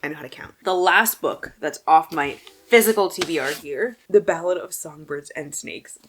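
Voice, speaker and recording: A young woman chatting casually about books she has read, animated and swearing freely, dropping to a mumble and then bursting into loud exclaims. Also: low-pitched, normal speed, slight background noise. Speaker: book vlogger. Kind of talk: casual book wrap-up chat.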